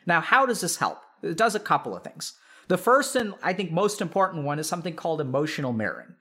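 Speaking quickly in a notably high voice, a psychiatrist talks loosely and animatedly to a live chat audience, filling his speech with "like" and calling his listeners y'all.

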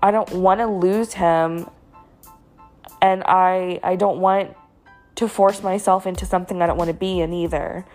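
A woman's voice: on the low side, fairly even intonation, a little slow, a little mellow, faint music behind. A young woman hosting a podcast, telling a candid personal story in a rambling way with many fillers. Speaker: podcast host.

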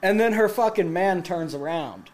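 A man in his late twenties telling a profane story to friends, animated and laughing as he goes. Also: sits high, moderate pace. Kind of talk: casual storytelling among friends.

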